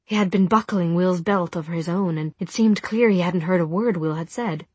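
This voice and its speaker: A woman narrating an audiobook in a soft, measured storytelling manner. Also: lowish voice, breathy edge, dry recording. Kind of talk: audiobook reading.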